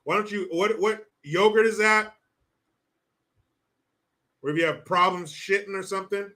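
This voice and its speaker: A man's voice: sits high, steady tone, normal speed, sharp tone. A man hosting a live-stream commentary show, reading out viewer messages and mocking people with plenty of swearing. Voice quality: mocking, swearing, breaks into laughter. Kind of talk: casual profane commentary.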